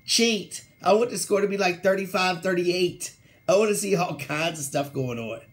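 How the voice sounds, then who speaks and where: A young man hosting a sports talk show, ranting casually with slang, laughing mid-sentence and mocking quoted players in a lower voice. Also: moderate pace. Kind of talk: casual solo sports rant.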